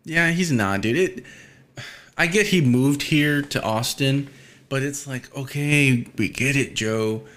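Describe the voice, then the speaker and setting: A man's voice: mid-range voice, slow, a bit bright. Laid-back slangy man on a podcast. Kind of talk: casual podcast chat.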